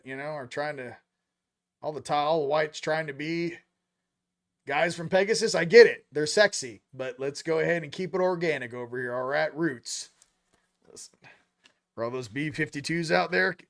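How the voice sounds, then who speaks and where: A man's voice: fairly high pitch, normal speed. A man hosting a casual spiritual card reading, joking and slangy with frequent laughs. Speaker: host of a spiritual reading show.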